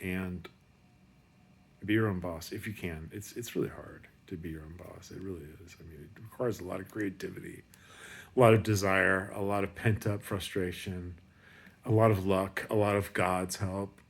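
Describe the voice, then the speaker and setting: Gravelly, rambling man giving a pep talk. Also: low voice, steady tone, moderate pace. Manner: rambling, profane, emotional. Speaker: motivational speaker. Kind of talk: casual monologue pep talk.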